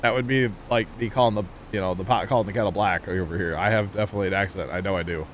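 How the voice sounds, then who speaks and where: Man, Midwestern accent, gaming streamer, rambling casual chat, lowish voice. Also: steady tone, rapid-fire, a little hiss or hum. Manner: rambling, chatty, talks to chat with many fillers. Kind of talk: casual livestream chat while playing.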